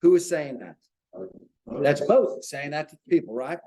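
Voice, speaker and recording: A man's voice: a little high, animated, normal speed, warm tone, poor audio. A man leading an informal Bible study for a small group, talking earnestly and checking in with rhetorical questions.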